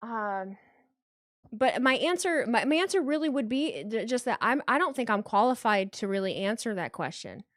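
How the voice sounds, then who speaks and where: A woman's voice: a little high, expressive, moderate pace, dry recording, studio quality. A woman hosting a live wrestling watch party, reading super chats and apologizing a lot, tripping over her words and swearing casually.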